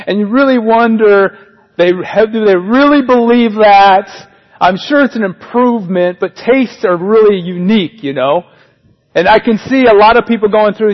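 Man, pastor, sermon, conversational, joking asides, somewhat high pitch, muffled recording. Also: moderate pace.

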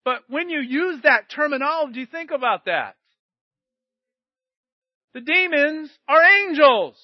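A middle-aged man preaching a sermon, swinging between shouted emphasis and quiet storytelling. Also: very high voice, expressive, unhurried, no room sound. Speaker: pastor. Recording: dry, muffled recording.

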